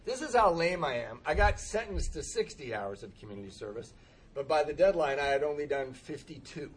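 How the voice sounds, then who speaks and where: A man's voice: a little high, very animated, fairly quick. Self-mocking man telling a rowdy story. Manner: self-deprecating, laughs often, acts out dialogue. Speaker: speaker sharing a recovery story. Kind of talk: storytelling talk with humor.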